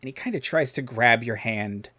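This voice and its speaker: Male game master, easygoing, mid-pitched, trails off with um and uh. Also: moderate pace, no room sound. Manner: relaxed, laughing, trails off into fillers. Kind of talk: narrating a tabletop game.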